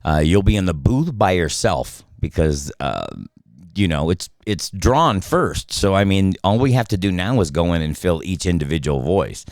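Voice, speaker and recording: A comedian and voice actor in his fifties, a podcast guest telling animated stories with frequent laughs and restarts. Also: low voice, moderate pace, no room sound. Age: 50s. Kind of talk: casual storytelling chat. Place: podcast studio.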